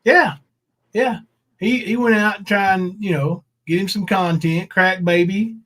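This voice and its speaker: A man's voice: sits high, slow, fairly bright tone. A man hosting a livestream, talking in a rambling, sarcastic, coarse way. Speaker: livestream host. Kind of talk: casual livestream commentary.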